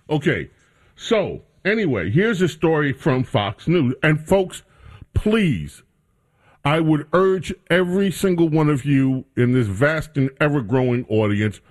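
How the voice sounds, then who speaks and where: A man's voice: a little high, very animated, measured pace. A man hosting a talk radio show, bantering with his studio crew in a casual commentary style.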